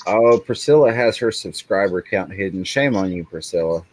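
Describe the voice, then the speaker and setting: A man hosting a live stream in casual chat, chatty and quick to laugh, with apologetic little asides. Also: low-pitched, animated, darkish tone, low-quality recording.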